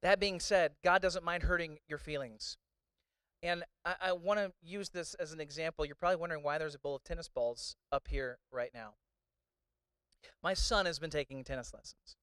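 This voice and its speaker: A man's voice: on the high side, normal speed, a bit bright, clean tone, no echo. A man preaching a sermon in a conversational, storytelling way, with many restarts. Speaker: pastor.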